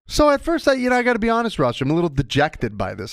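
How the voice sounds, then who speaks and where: A man's voice: rapid-fire, hardly any pauses, dry recording, studio quality. A man hosting a sports podcast on his own, talking casually and telling stories with big swings in his delivery. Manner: animated storyteller with wide swings of pitch. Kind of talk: casual solo podcast monologue.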